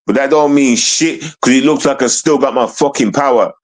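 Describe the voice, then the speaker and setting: A man's voice: medium pitch, normal speed, low-quality recording. A man ranting on a livestream, repeating himself, swearing and asking over and over whether listeners understand. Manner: repetitive, emphatic, keeps asking "you understand?"; profane and heated. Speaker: streamer. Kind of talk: livestream rant.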